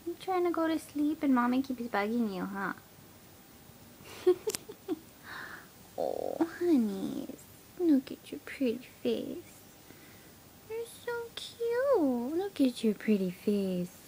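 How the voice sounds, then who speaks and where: A woman talking baby talk to her puppy at home, cooing in a sing-song voice and dropping into soft whispers. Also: on the high side, sing-song, takes it slowly, long pauses, a little hiss or hum, poor audio. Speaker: pet owner filming her puppy.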